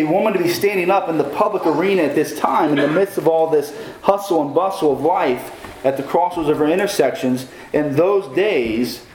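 A man's voice: fairly high pitch, darkish tone. Man preaching in an echoey room. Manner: preaching with questions to the congregation. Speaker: pastor. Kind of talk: sermon.

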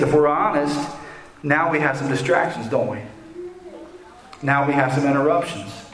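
Preaching man in a roomy space. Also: medium pitch. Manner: preaching with rising emphasis on scripture quotes; asks the congregation direct questions. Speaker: pastor. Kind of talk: sermon. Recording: roomy echo.

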